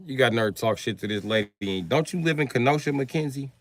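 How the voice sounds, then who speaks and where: A man hosting a livestream, ranting at his chat in a combative, profane way and swinging between yelling and muttering. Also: mid-range voice, lively intonation, fast, hardly any pauses. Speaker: livestream host moderating chat. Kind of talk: heated livestream rant at chat.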